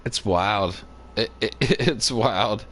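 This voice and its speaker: A man chatting casually on a livestream into a phone, laughing often and talking in loose, halting, filler-filled sentences. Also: fairly low pitch, fairly bright tone. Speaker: live streamer. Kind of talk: rambling casual chat. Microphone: phone on a cord.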